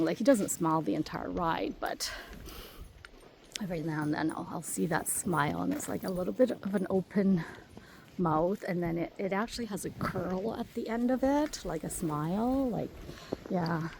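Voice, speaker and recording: A woman's voice: on the low side, darkish tone, a little hiss or hum. A woman working as a dog sitter, narrating a casual vlog outdoors at a park and rambling chattily with lots of fillers, recorded on a handheld phone.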